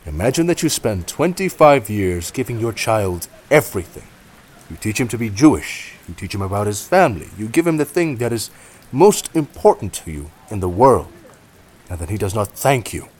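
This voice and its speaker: A man's voice: on the low side, very animated, normal speed, a little mellow, husky. A man arguing in a heated discussion, challenging and provocative. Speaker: conversation partner.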